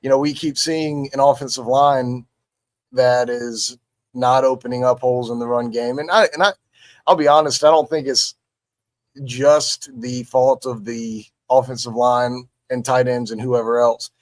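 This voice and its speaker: Male sports analyst, mid pitch, halting delivery, dry sound. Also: fairly even intonation, no room sound. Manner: halting, many restarts and fillers. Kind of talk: casual sports talk.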